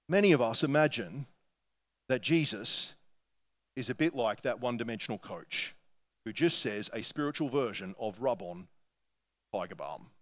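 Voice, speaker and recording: A man's voice: medium pitch, lively intonation, normal speed. A man with an Australian accent preaching a sermon, talking earnestly and conversationally and reading quotations aloud. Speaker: pastor.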